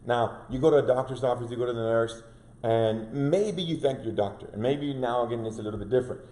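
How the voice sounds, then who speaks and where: A man's voice: medium pitch, a little fast, warm tone, reverberant. A man co-hosting a casual devotional chat, earnest and fond of rhetorical questions. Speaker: co-host.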